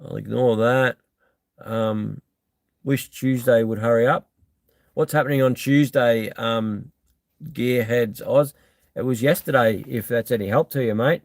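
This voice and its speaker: A man's voice: medium pitch, unhurried, vocal fry, no echo. An Australian man hosting a live stream, chatting casually and bluntly as he reads out and answers viewer comments, with lots of ums.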